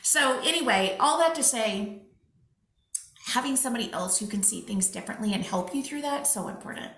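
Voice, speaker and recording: A middle-aged woman, a physician and speaker, telling animated stories as a guest in an interview, slipping quoted dialogue into her talk. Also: fairly high pitch, a little fast. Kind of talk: conversational interview storytelling. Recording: echoey room.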